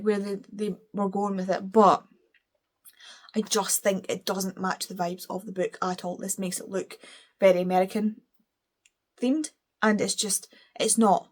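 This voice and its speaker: In a casual chat, a British woman reviews books with strong opinions and plenty of gushing, apologizing for herself in a playful, self-mocking way. Her voice is medium in pitch and a little mellow.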